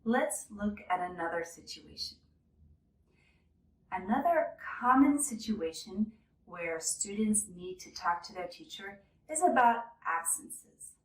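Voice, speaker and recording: Woman teacher, slow clear delivery, modelling phrases, echoey room, mic a little distant. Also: medium pitch, animated. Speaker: English teacher. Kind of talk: scripted English lesson.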